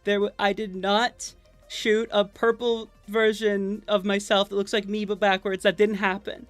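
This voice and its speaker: A woman's voice: medium pitch, flat delivery, unhurried, no room sound. Nervous, rambling woman streamer. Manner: rambling, playful and self-mocking, with many fillers and restarts. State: nervous, with stage fright. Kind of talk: casual live-stream chat. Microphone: desk microphone at a computer. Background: faint game music.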